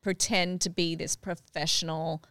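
A woman's voice: fairly low pitch, little pitch movement, unhurried, fairly bright tone, smooth. A woman in her thirties co-hosting a casual chat podcast, teasing and laughing often. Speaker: podcast co-host.

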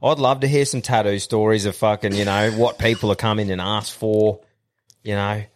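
A man's voice: on the low side, normal speed, a little hiss or hum. A man with an Australian accent hosting a podcast, telling sweary yarns in casual chat. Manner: swearing, storytelling, animated yarns. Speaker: podcast host.

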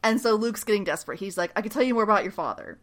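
A woman's voice: medium pitch, rapid-fire. A woman hosting a podcast, casually recapping a TV episode and animatedly acting out quoted lines. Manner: animated retelling, acting out quotes with frequent laughs. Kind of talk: casual chat.

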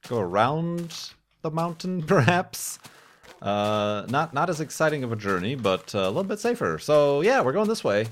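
Young male host, lively swooping voice, chatty gameplay commentary with jokey asides. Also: on the high side, normal speed, a little hiss or hum. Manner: chatty and playful, with jokey mock-formal asides. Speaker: game series host.

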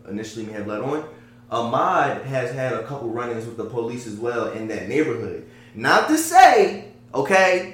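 A man in casual debate chat, talking in an animated, conversational way and often checking in with his listener. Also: medium pitch, a little hiss or hum. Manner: animated, conversational, often asks "you get what I'm saying?". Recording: very echoey room.

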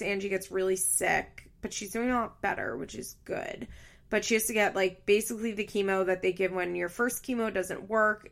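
Blunt, gravelly-voiced woman recapping reality TV. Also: mid-range voice, a bit bright. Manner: blunt and opinionated, swears often. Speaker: reality TV commentator. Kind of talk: casual recap commentary.

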